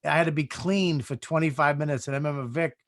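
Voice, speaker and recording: A man hosting a live comedy chat show over a video call, talking casually with lots of swearing and halting restarts. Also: a little high, fairly even intonation, no echo, clean studio sound. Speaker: host.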